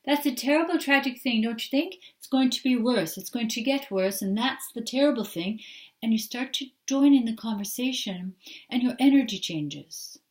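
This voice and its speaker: A woman channeling a patient, genderless spirit that speaks as "we" and explains its ideas in a calm, unhurried way. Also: fairly high pitch, distant mic, voice pushed up, lightly acted. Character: gentle collective spirit, genderless, patient teacher. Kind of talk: trance channeling talk.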